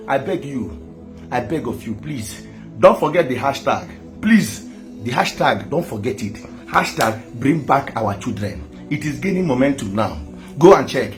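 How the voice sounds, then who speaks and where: A man's voice: medium pitch, sing-song, normal speed, faint music behind. A Nigerian man making an impassioned online appeal to viewers, pleading and repeating himself with emphasis. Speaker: activist addressing viewers.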